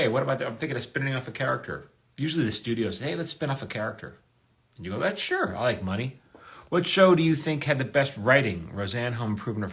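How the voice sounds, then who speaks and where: A man's voice: mid-range voice, a bit bright. A middle-aged man, a showrunner, chatting casually on a live stream, reading viewer comments aloud and answering them in an offhand way. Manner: chatty, offhand, plugs his show and answers viewers directly. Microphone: phone or webcam on a live stream.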